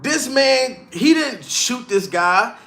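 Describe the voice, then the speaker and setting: A man's voice: extremely high pitch, lively intonation, slow, bright, forceful tone. A comedian streamer ranting profanely and mockingly on a live stream, calling out to chat as he goes. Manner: profane, heated, mocking rant.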